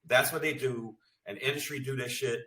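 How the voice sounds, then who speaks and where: A man's voice: medium pitch, fairly even intonation, moderate pace, sharp tone. A man, a comedian ranting profanely on a podcast. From Brooklyn, New York. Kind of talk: heated casual chat. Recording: echoey room, mic at a distance, faint noise.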